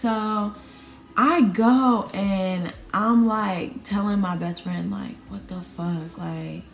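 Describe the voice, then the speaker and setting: A young woman chats through a storytime vlog, her slangy, animated delivery jumping into quoted dialogue. She sits at medium pitch, recorded on a camera mic in a roomy, echoing space with faint music underneath. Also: very slow, vocal fry. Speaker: vlogger telling a personal story. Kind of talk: casual storytime. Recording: roomy echo.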